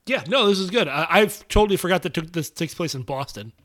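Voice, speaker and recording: A man co-hosts a casual podcast and trades relaxed, joking banter. His voice sits a bit higher than most men's. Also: quick pace, no room sound, studio quality. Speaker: podcast co-host.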